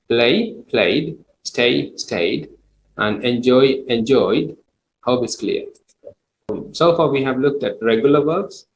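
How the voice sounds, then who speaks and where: Slow, patient male English teacher. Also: mid-range voice, slight background noise. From Sri Lanka. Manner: slow, patient explaining with repeated examples. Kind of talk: classroom grammar lesson. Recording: echoey room.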